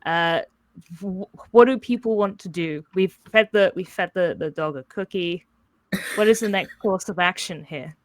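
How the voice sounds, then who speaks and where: A woman running a tabletop game as game master, chatty and laughing, with halting restarts. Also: fairly low pitch, no echo.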